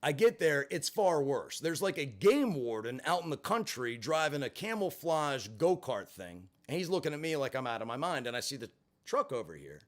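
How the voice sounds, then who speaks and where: A man hosting a livestream, telling a story in a casual, blunt and profane way, swinging from flat to heated. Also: mid-range voice. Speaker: livestream host.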